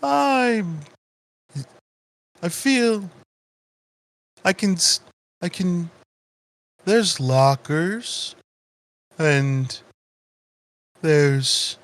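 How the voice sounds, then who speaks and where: A man voicing a small, timid lost plant that speaks hesitantly and haltingly. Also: sits high, expressive, dry recording, pitched above the performer's own voice, heavily acted.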